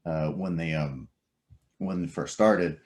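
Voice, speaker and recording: A man's voice: rumbling low, slow pace, darkish tone. A man running a tabletop game as game master, explaining the scene at length with many fillers and restarts.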